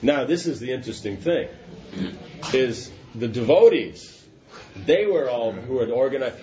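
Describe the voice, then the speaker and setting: A man's voice: mid-range voice, lively intonation, unhurried, dark tone. A man giving a scripture class in a loose, conversational way, often stopping to ask if his listeners follow. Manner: conversational, checks understanding with asides. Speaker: religious teacher. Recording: dull lo-fi with faint noise.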